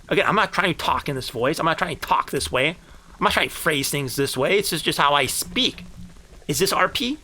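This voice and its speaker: Grandiose, bright-voiced male game streamer. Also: fairly high pitch, expressive, normal speed. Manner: grandiose storytelling, turning heated and profane. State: high. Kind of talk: live game stream commentary.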